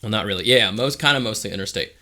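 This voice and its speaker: A man's voice: lowish voice, fast, pushed and bright. A young man co-hosting a podcast, telling a story in a laid-back way, swearing freely and filling with "like". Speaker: podcast co-host. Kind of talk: casual chat.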